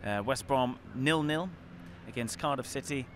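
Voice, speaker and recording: A man hosts a post-match football show, running through results and fan messages in a relaxed tone. His voice sits at a middling pitch. Faint traffic noise sounds behind him outdoors. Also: normal speed. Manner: easygoing, reads results and fan questions. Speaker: presenter.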